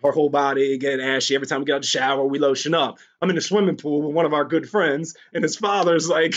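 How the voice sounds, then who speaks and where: A man's voice: a little high, steady tone, fast talker, few pauses. A man speaking candidly in an interview, telling personal stories in a rambling way with frequent fillers and restarts. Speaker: guest recounting personal experiences. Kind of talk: candid conversational storytelling. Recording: dull lo-fi recording.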